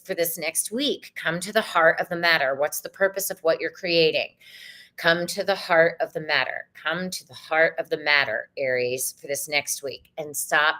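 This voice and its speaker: A woman with a drawl chatting through a live tarot stream, warm in her enthusiasm and quick to say "y'all." Her voice sounds a little worn and tired. She talks casually and effusively, like she is hanging out with friends. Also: fairly low pitch. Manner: bubbly, effusive, sprinkles in "y'all", sometimes sings. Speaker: tarot reader and livestream host.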